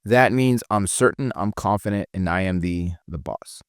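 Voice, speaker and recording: A man's voice: deep voice, normal speed, no echo, studio quality. A man giving a casual spoken sales training lesson, often restarting phrases and demonstrating intonation.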